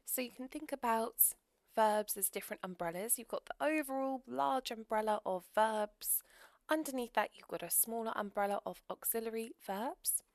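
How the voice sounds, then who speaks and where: A woman teaching English grammar in a recorded lesson, explaining clearly and steadily with example sentences. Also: a little high, moderate pace, no echo, studio quality.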